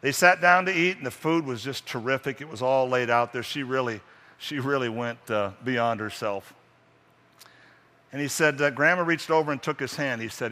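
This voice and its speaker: A male preacher tells a story in a sermon, building drama and slowing to hushed emphasis. His voice is bright and forceful. Long reverb trails every phrase, as in a large hall. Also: medium pitch.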